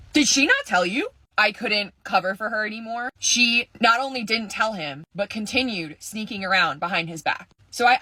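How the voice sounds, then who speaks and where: A woman's voice: mid-range voice, pushed and bright, no room sound. Dramatic, swearing young woman storyteller. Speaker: vlogger. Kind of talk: storytime vlog. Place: parked car.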